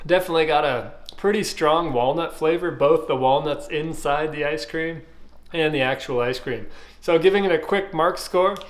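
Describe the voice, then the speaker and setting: A man, casually reviewing ice pops and thinking aloud with fillers and pauses. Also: fairly high pitch. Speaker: food reviewer.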